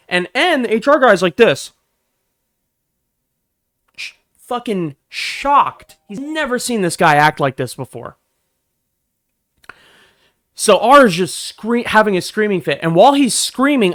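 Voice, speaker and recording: A man's voice: high-pitched, dry recording, clean studio sound. A young man vlogging an angry workplace story, profane and emphatic, acting out what people said. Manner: profane, emphatic, acts out quotes with sudden loud bursts. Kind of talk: animated storytelling vlog.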